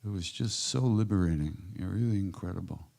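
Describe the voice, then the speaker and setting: An older man from the United States answering audience questions, telling reflective stories in an unhurried way with emphatic bursts. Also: low-pitched, creaky. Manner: unhurried, warm-hearted anecdotes with emphatic bursts. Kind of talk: reflective storytelling.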